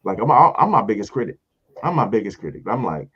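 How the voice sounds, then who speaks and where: A man, a comedian hosting a casual show and telling a story, acting out other people in high voices. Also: a little fast, slightly rough, muffled recording. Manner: animated storyteller, acts out voices in high pitch.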